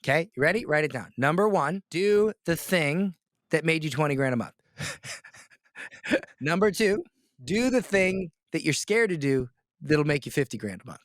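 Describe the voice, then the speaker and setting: A man from Florida coaches a client on a casual call. He talks in a blunt pep-talk style and keeps asking rhetorical questions. His voice sits high for a man and sounds dry and close. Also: lively intonation, unhurried, fairly bright tone, dry recording.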